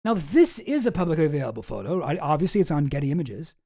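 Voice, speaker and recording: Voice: medium pitch, sing-song, quick pace, vocal fry, mellow. A streamer giving casual commentary on news files, rambling, sarcastic and swearing freely, with many restarts.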